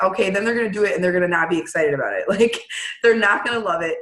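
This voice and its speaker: Blunt lady giving her team a pep talk over a video call, quick and no-nonsense. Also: mid-range voice, animated, a bit bright, rough recording. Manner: blunt, brisk, acts out quotes.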